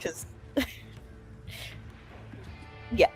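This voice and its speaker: A woman playing a vampire tabletop game, softly describing her character. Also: medium pitch, takes it slowly, faint music behind, low-quality recording. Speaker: player.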